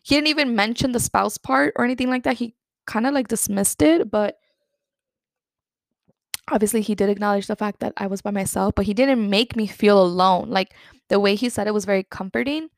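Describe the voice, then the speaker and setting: Young woman, mid pitch with fry, tells a personal story candidly, rambling with filler words. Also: brisk, no room sound. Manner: candid, rambling, heavy use of "like"; slips into Spanish words. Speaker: podcast host.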